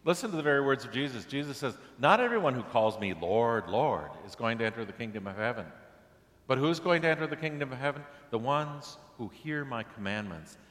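Man, pastor, sermon, conversational preaching, mid-pitched voice, long hall reverb. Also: lively intonation, brisk, fairly bright tone. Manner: conversational preaching with rising emphatic questions.

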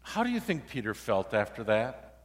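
A male pastor preaching a sermon in a relaxed, conversational, storytelling way, acting out the quoted dialogue. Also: medium pitch, normal speed, big-room sound.

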